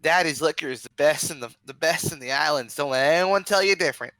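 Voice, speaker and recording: A man voicing a young swamp-folk ferrywoman who speaks haltingly, full of hesitations. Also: on the high side, pushed and bright, dry recording. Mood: chatty.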